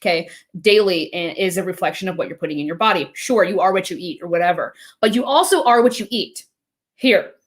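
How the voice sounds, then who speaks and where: A woman hosting a live faith devotional stream with her husband, talking in an animated way and laughing often. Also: on the low side, a little fast. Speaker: host. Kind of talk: casual devotional chat. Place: live video stream at home.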